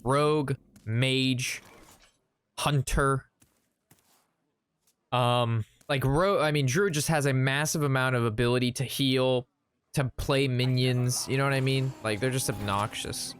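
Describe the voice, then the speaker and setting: A man's voice: medium pitch, unhurried, clean tone, no room sound. Rambling man telling a story while gaming. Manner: rambling, animated retelling with quoted voices. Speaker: gaming streamer. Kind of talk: casual gameplay commentary with storytelling.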